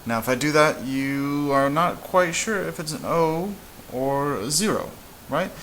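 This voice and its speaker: A man teaching a casual whiteboard lesson, relaxed and halting, with frequent fillers and restarts. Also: on the high side, slight background noise, low-quality recording. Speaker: Spanish teacher.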